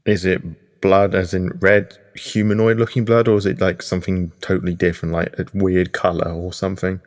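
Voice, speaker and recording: A man takes his turn in a tabletop game, thinking aloud as he works out his character's moves. His voice is very deep. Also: little pitch movement, fairly quick. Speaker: player.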